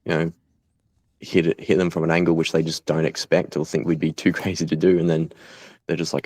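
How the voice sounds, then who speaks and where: Very deep-voiced Australian man, blunt. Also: level tone, a little mellow, no echo. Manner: blunt, swears freely, halting with fillers. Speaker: guest, volunteer fighter. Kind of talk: casual conversational interview.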